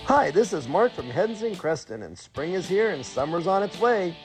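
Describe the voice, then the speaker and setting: A man's voice: sits high, very animated, normal speed, soft background music. A man voicing his own shop's radio ad, cheerfully listing products. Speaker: butcher shop owner. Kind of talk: radio ad read.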